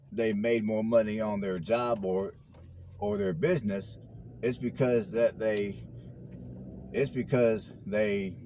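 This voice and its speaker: Man with a low voice talking slangy advice. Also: warm tone. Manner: preachy, repeats phrases, street slang. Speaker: vlogger. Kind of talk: casual talk while driving. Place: in a car. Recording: car noise behind.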